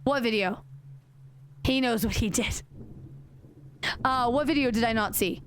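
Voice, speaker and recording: A woman livestreaming a horror game in a casual, animated way, her voice sitting on the higher side. She rambles, restarts her sentences and corrects herself as she talks straight to her viewers. She swears freely and keeps an easy, loose chat going the whole time. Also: a little slow, slight background noise. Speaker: streamer. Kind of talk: casual live-stream commentary while playing a horror game.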